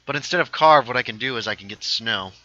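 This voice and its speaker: Bright-voiced man thinking aloud on a livestream. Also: medium pitch, quick pace, no echo, muffled recording. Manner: thinks aloud while building, reads viewer chat aloud. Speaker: livestream host. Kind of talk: casual gaming livestream chat.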